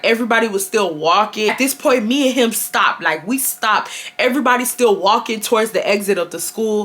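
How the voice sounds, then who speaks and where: A woman in her twenties from Houston, Texas, telling a high school story to her viewers in a casual, animated way with lots of slang and swearing. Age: 20s. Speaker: storytime vlogger.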